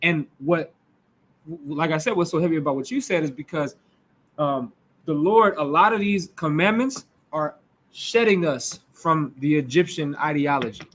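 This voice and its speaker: A man's voice: a little high, normal speed, fairly bright tone, a little hiss or hum. A man with a Midwestern American accent preaching a conversational sermon, talking casually with his listeners and often restarting his sentences. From United States. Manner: loose and informal, talks back and forth with the congregation, frequent restarts.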